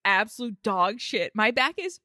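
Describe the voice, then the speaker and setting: A woman's voice: fairly high pitch, very animated, normal speed, pushed and bright, no room sound, clean studio sound. A woman, co-hosting a podcast and telling a story in casual chat, swearing and laughing. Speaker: podcast co-host.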